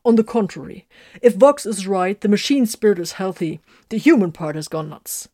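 A woman voicing a calm male warrior leader who explains his reasoning. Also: medium pitch, no echo, clean studio sound, lightly acted. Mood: explaining. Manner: explaining, measured.

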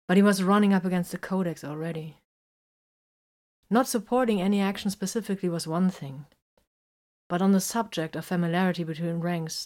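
A woman reading a story aloud in a calm, even storytelling manner. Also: on the low side. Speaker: reader.

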